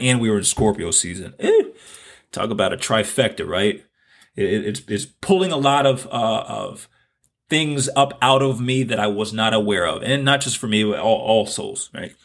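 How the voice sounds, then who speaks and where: Gravelly, husky man telling a personal story. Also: fairly low pitch. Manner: earnest, reflective, repeats phrases for emphasis. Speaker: podcast host.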